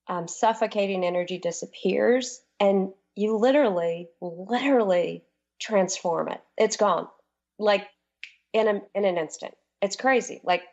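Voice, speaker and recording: Woman, radio guest, enthusiastic coach, mid-pitched voice, dull lo-fi sound. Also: a little mellow. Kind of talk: casual radio interview.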